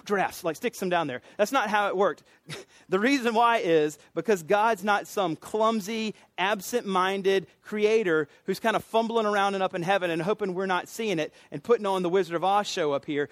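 A man's voice: high-pitched, dry recording. A man preaching a sermon in a casual, joking, conversational way. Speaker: pastor.

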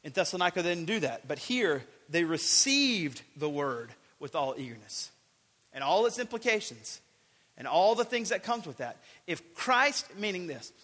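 Male preacher, high bright voice, earnest and emphatic delivery, echoing church hall. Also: sing-song, normal speed. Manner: earnest, emphatic, builds with repeated phrases. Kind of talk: sermon.

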